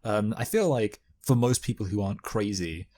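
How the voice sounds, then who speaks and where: Over a film, a co-host type on a review show riffs in a very low, deep, slightly mellow voice at a moderate pace. His loose, casual chat rambles and doubles back, thick with fillers and restarts.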